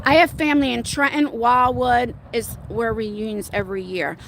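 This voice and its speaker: A middle-aged woman livestreaming from her phone on an outdoor walk, telling rambling, excitable stories to her viewers. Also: a little high, gravelly, slight background noise. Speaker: livestream host. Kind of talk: casual live-stream chat. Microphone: phone held at arm's length.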